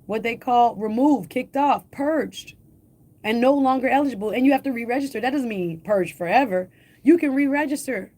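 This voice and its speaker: Her voice a touch high, a female radio host speaks with urgency and emphasis to those tuning in. She repeats what matters most, throws out rhetorical questions, and talks directly to her audience.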